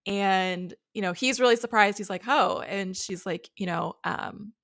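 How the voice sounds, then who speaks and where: A woman's voice: mid-range voice, measured pace, creaky, hardly any pauses. A woman co-hosting a podcast, recapping a reality show in casual, chatty storytelling. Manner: chatty, animated storytelling with acted quotes. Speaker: podcast co-host.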